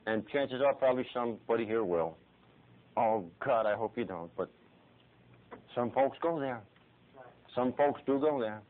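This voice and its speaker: A middle-aged man preaching a sermon dramatically, swinging from soft, hushed passages to pleading cries and repeating his phrases. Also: mid-range voice. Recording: tinny phone-like lo-fi recording.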